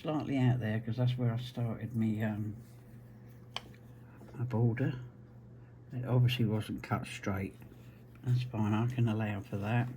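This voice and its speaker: A man's voice: fairly low pitch, fairly even intonation, unhurried, pauses often, dark tone, a little hiss or hum. Rambling Essex man at the sewing machine. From South Essex, England. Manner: chatty, rambling. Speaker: quilting tutor. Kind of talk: casual sewing demonstration.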